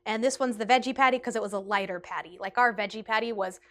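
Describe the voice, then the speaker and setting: A young woman telling a restaurant story in a chatty storytime vlog, animated and peppered with "like". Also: mid-range voice, fast. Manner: chatty and animated, heavy use of like. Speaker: vlogger. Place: indoors, seated in a rotating chair.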